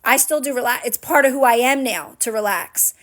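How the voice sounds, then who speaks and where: High-voiced encouraging woman coach. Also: brisk, fairly bright tone. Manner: earnest and encouraging, leans on "right?" and "guess what?". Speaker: manifestation coach. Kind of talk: live-stream talk answering viewers' comments.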